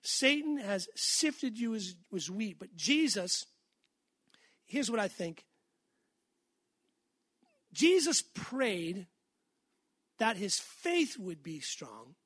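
A man's voice: high voice, sing-song, extremely slow, long pauses, a bit bright, slightly rough, no room sound. A man preaching an earnest, emphatic sermon, calling out to the congregation for amens.

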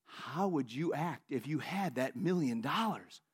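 The Lord, calm and patient, asking his question in a slow, measured way. A preacher puts on this voice, a touch lower than his own. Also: slightly rough.

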